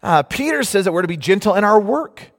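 A man preaching a sermon in an animated, conversational way, sometimes mocking the voices of others. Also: high voice, a little fast. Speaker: pastor. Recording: long hall reverb.

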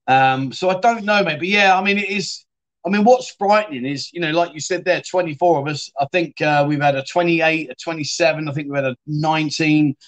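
Brisk and a bit bright, this man's slightly high voice carries his casual livestream, where he rambles, reads viewer comments aloud, and frequently says "mate."

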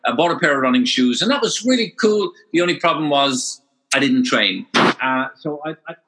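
Older irish guy telling his story in an interview, bright higher voice, stammers repeats when excited. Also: normal speed, rough recording. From Ireland. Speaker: guest.

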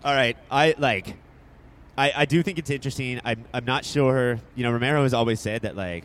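A man's voice: mid-range voice, fairly quick, fairly bright tone. Casting: man, podcast co-host, jokey and profane, stumbling restarts, faint background hiss. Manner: jokey, swears freely, many restarts. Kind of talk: casual movie review chat.

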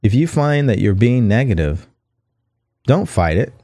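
A man hosting a motivational podcast, reading from a book and repeating key lines slowly for his listeners. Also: medium pitch, sing-song, dark tone, no echo, clean studio sound. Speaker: podcast host.

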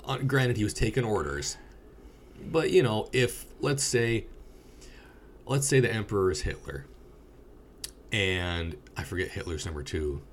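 A man's voice: lowish voice, expressive, measured pace, long pauses, a little hiss or hum. A young man rambling casually and swearing now and then while reviewing a movie with a friend.

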